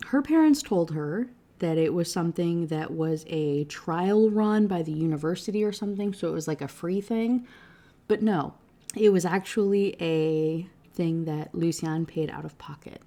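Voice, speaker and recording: A woman's voice: fairly low pitch, normal speed, mellow. A woman giving a casual, ranting book review, blunt and profane, chatty with lots of fillers.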